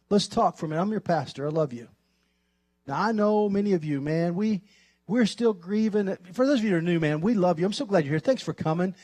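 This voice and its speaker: A man pastor speaking to his congregation, direct and personal. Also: high voice. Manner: warm, direct address to the congregation. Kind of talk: sermon.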